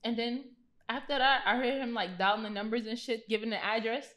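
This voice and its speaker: A young woman guest on a podcast, casually telling a lively, slangy story and laughing as she goes. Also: on the high side, fairly quick. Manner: animated, slangy, laughs through her story.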